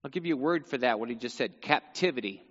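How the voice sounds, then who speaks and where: A man's voice: medium pitch, expressive, fast, a bit bright, long reverb tail, lo-fi sound. A male pastor preaching a sermon, reading scripture dramatically and chatting casually between passages.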